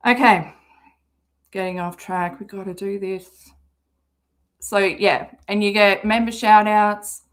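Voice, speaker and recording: An Australian woman hosting a casual livestream, rambling and swearing often, with a slightly hoarse throat. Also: mid-range voice. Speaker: livestream host.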